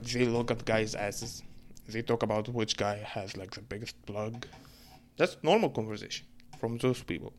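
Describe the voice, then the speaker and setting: A young man, ranting in a casual monologue, animated and profane, with an exasperated manner. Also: lowish voice, slight background noise. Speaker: storyteller.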